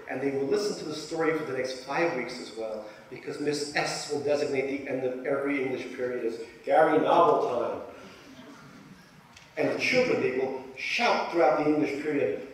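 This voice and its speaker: A man's voice: medium pitch, moderate pace, recorded from a distance, slight background noise. Man reading a memoir in an echoey hall. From Soviet Union. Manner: dry, self-deprecating humor. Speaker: author. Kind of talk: reading a memoir aloud to a live audience. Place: large lecture hall.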